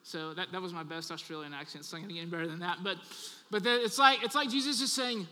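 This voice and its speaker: A man preaching a sermon as pastor, earnest and repetitive, letting his phrases trail off softly at the ends of points. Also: high-pitched, brisk, hardly any pauses. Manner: talks with children in the audience. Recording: long hall reverb.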